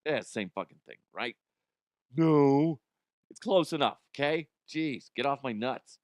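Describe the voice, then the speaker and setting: A man hosting a comedy news show, ranting crudely and mocking the stories, with quick jumps into silly voices. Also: medium pitch, animated, dry recording, clean studio sound. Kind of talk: profane comedic news commentary.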